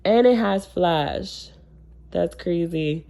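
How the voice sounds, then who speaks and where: With a low, dark, creaky voice and a slow pace, this woman sounds congested as she narrates a relaxed unboxing vlog. She is a tech vlogger who uses a lot of slang and says um often.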